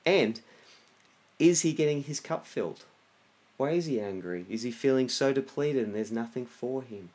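A middle-aged man giving casual wellness advice, lively, often acting out inner voices. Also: medium pitch, moderate pace. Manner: animated, acts out inner voices.

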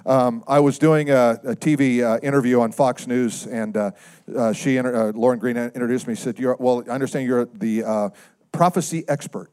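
A man preaching a sermon in a conversational way, often asking the congregation questions and swinging from loud emphatic lines to quiet low asides. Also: fairly even intonation, normal speed, clean tone. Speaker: pastor.

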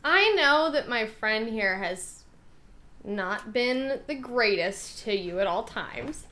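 Female player, higher bright voice with big swings, cheeky and theatrical in character. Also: lively intonation, slow pace. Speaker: tabletop game player. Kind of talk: playful in-character role-play.

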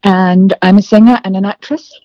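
A woman's voice: medium pitch, steady tone, moderate pace, highs cut off, background noise. An older woman, a singer and actress, telling stories as an interview guest, with fillers along the way. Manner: warm storytelling with fillers, laughs easily. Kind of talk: casual interview.

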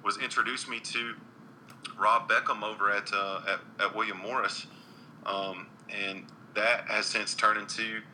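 A man's voice: lowish voice, flat delivery, measured pace, sharp tone, slight background noise, poor audio. A man, a country singer, chatting earnestly in an interview with frequent restarts and ums. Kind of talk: casual interview chat.

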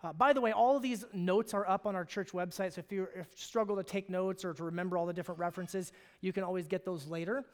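The Alaskan pastor here talks fast with hardly any pauses, his high voice keeping a fairly even intonation. His sermon in the church sanctuary unfolds like a conversation full of stories and restarted phrases, echoing with long hall reverb.

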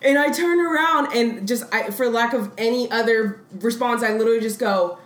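A woman's voice: on the high side, normal speed. Young woman telling a story with laughs. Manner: animated storytelling, laughing through the punchlines. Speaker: podcast co-host. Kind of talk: casual chat. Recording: echoey room with faint noise.

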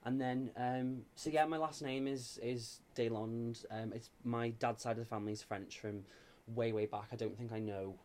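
A man's voice: medium pitch, steady tone, moderate pace, few pauses, darkish tone. A man in his twenties from Liverpool with a Scouse accent, chatting as a guest in a theatre dressing room, hesitant with many fillers. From Liverpool, England. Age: 20s. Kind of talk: casual chat.

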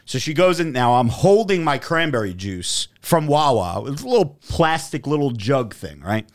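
A young podcast host with a mid-range voice tells a story at a moderate pace in casual chat. He swears freely and animatedly acts out what other people said.

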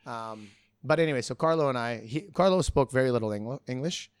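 Middle-aged bartender, easygoing storyteller, mid-pitched voice, dry close recording. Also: male voice, fairly quick, clean tone, no echo. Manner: relaxed, rambling, frequent restarts. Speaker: bartender guest. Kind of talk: casual storytelling in an interview.

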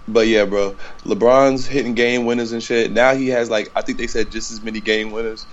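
A man's voice: lowish voice, fairly even intonation, brisk, lo-fi sound. A young man co-hosting a podcast, talking in a laid-back, slangy, casual way. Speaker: podcast co-host. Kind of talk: casual chat.

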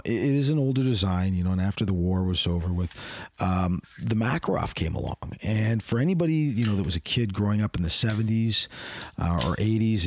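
Low husky man rambling. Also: no echo. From Canada. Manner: rambling, full of "you know" and restarts. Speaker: podcast guest, firearms collector. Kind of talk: casual podcast chat.

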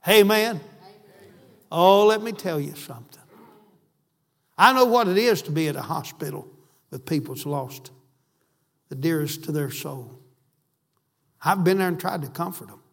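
A man's voice: fairly high pitch, measured pace, creaky, long pauses. A man preaching a sermon, fervent and emphatic, repeating phrases for stress. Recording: echoey hall.

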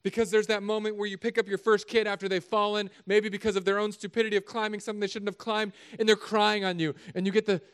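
A middle-aged man, a pastor, preaching a sermon in an animated, conversational, joking way. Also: high-pitched, fast talker, hardly any pauses, clean tone.

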